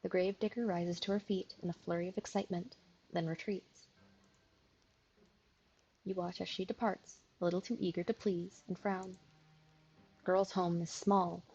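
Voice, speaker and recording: A sleepy woman streamer reading a visual novel aloud, with a gravelly, husky voice. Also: on the low side, steady tone, normal speed, long pauses, dark tone, dull audio. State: sleepy, yawning.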